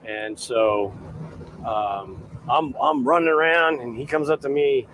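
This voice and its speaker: A man, a chef, chatting casually outdoors by a boat dock and telling animated stories. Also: mid-range voice, a little slow, slight background noise, low-quality recording. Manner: animated, acts out quoted voices. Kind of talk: casual storytelling chat.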